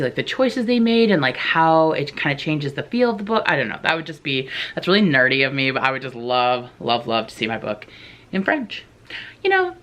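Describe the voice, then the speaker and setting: A woman with a low, deep-set voice chats to camera about her own dreams, rambling along with plenty of filler words. She sounds enthusiastic and a little self-mocking, like a writer talking to her viewers. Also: a bit bright. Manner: chatty, rambling, many "like" fillers. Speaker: writer vlogger. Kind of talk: casual chat to camera.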